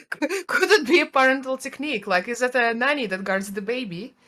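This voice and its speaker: A woman's voice: on the high side, expressive, a little fast, bright, forceful tone. A woman playing a bard in a tabletop game, asking the group joking questions. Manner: quizzical, joking. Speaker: player. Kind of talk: casual tabletop play.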